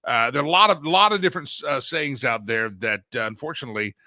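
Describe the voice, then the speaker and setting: A man's voice: mid-range voice, fast talker, pushed and bright, dry recording, clean studio sound. A man hosting a casual live talk show, chatty and folksy, chuckling as he reads out viewers' sayings. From Southern United States. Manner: chatty, folksy, laughs often.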